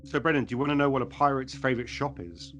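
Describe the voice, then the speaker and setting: A man's voice: mid-range voice, racing, fairly bright tone. A man co-hosting a podcast who chats casually about a TV show, cracks dad jokes and puts questions to his co-host. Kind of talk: casual TV recap chat.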